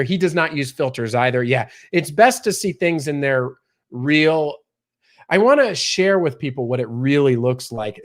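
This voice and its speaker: Male livestream host, casual and chatty, reads comments and news aloud. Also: medium pitch. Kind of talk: casual live-stream chat and news reading.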